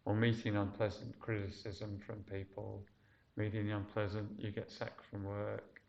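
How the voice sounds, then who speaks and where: A man giving a casual Buddhist lecture, speaking haltingly with many fillers and restarts. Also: on the low side, monotone, vocal fry, darkish tone, slight background noise. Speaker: dharma teacher. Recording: dull lo-fi lecture recording.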